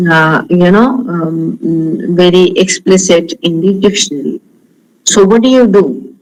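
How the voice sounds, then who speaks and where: Man, Indian English accent, lecturer tone, high voice, measured with many uh's. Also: rough recording. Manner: measured, slows to model words, frequent fillers. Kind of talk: online lecture on pronunciation.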